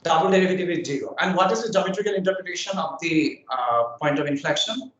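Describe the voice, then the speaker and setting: A man's voice: fairly high pitch, fast talker, a bit bright, muffled recording. A man giving a university lecture to a class. He repeats his phrases, often says "I mean" and "uh", and keeps checking in with "is it okay? fine.". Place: lecture room. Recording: very echoey room, speaker far from mic, faint noise.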